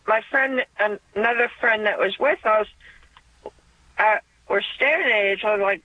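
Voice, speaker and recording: A woman's voice: a little high, normal speed, dry recording. A woman calling in to a radio show, speaking hesitantly and sounding upset. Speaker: caller. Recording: dry, tinny phone line.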